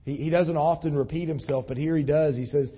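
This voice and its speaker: A man's voice: on the high side, fairly even intonation, brisk, warm tone, husky. A man preaching a conversational sermon, reading scripture and explaining it in an earnest, storytelling way. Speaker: pastor. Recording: long hall reverb.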